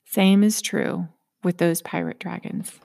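A woman's voice: lowish voice, very animated, a little slow, vocal fry, darkish tone. A woman giving a reflective motivational talk, earnest and candid, sometimes dropping to a near whisper.

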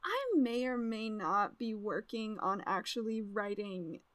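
A woman from the United States co-hosting a casual podcast, excitable and rambling, with loud bursts of laughter. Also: medium pitch, unhurried. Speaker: podcast co-host.

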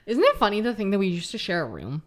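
A woman's voice: medium pitch, huge pitch swings, quick pace. A young woman co-hosting a podcast, chatting casually with her sister, laughing often and swearing now and then. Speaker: podcast co-host. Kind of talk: casual chat.

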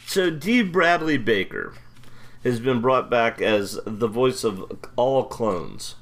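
Casting: American male podcast co-host, mid-pitched, rambling and jokey, loose casual chat. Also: lively intonation, takes it slowly. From United States. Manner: rambling, self-deprecating, jokey.

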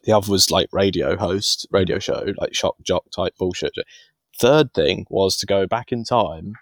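A man in his thirties chats loosely on a podcast, wandering through his thoughts and laughing at himself. His voice sits low, and it is recorded dry and close with no room sound. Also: moderate pace, dry recording. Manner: rambling, chuckling, self-deprecating. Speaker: podcast co-host. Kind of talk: casual podcast chat.

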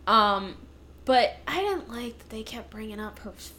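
A podcast co-host reviewing a movie retells it in casual chat, animatedly acting out its lines and laughing as she goes. Her voice is a little high and her speed normal, with background noise present.

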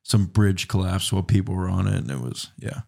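A man's voice: low-pitched, fairly quick, creaky, warm tone, breathy edge. A young man co-hosting a casual podcast, explaining things in a loose, rambling way. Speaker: podcast co-host. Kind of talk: casual chat.

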